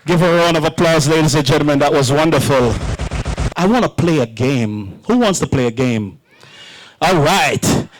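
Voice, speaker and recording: A man's voice: on the high side, expressive, moderate pace, slight background noise, low-quality recording. A man emceeing a wedding reception, joking and playing with the crowd.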